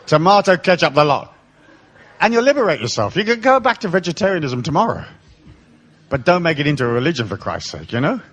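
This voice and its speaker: A man addresses a live seminar audience in an animated, irreverent way, peppering his stories with casual swearing. His voice sits a little high, and it rises and falls in wide, expressive swings. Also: fast. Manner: irreverent, swears freely, playful storytelling. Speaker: seminar speaker.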